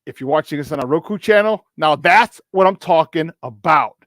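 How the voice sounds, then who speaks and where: A man's voice: on the high side, animated, normal speed, fairly bright tone, no echo. A man with a Chicago accent hosting a live morning sports talk show, riffing playfully through promos with asides.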